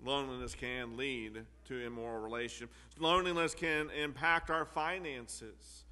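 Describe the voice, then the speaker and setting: Male preacher, earnest sermon delivery, forceful tone, long hall reverb. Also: mid-range voice, fairly even intonation, normal speed. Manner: earnest, repeats key phrases for emphasis.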